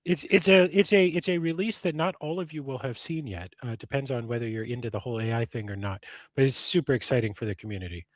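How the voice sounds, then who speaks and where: A man's voice: medium pitch, quick pace, hardly any pauses, no echo. A man in casual chat on a weekly call who makes dry, joking asides.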